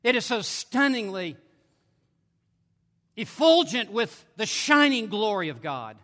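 A man preaching in a large hall, his voice high and sharply bright against the long reverb. He delivers his sermon emphatically, leaning hard into declarations and then dropping to quieter, intense asides. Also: big pitch swings, slow pace. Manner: emphatic preaching, swinging between forceful and hushed.

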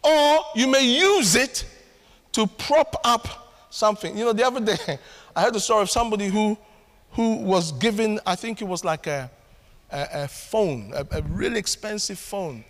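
A man preaching a sermon as pastor, animated and storytelling with acted asides. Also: high voice, moderate pace. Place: church hall. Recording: long hall reverb.

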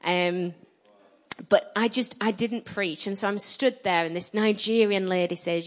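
A woman in her thirties preaching a sermon, telling personal stories with animated, emphatic delivery. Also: unhurried. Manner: animated storytelling, rising loud and emphatic at high points.

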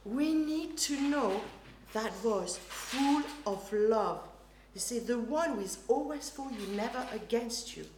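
A woman's voice: fairly high pitch, lively intonation, slow pace. A middle-aged woman preaching a sermon, telling stories animatedly and acting out voices. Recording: roomy hall with faint noise.

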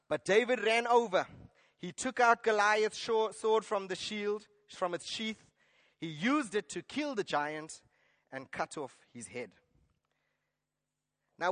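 A man preaching a sermon, retelling a Bible story with lively acted-out lines and questions to the congregation. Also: sits high. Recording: long hall reverb.

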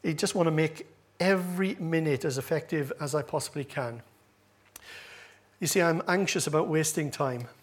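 A man's voice: on the high side, normal speed. A male pastor preaching a sermon to his congregation, with a humorous, self-deprecating manner. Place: church with congregation. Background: congregation laughing.

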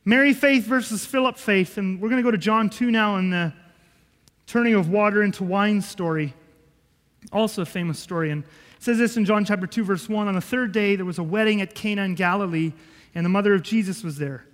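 A man preaching a sermon, an animated storyteller who acts out scenes and swings between loud and quiet. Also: sits high, big-room sound. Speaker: pastor.

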